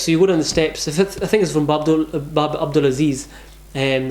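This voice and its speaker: In an echoey room, a man whose voice is slightly high and a little mellow shares sincere, devout advice about pilgrimage. It's a casual travel vlog, and he tends to repeat himself.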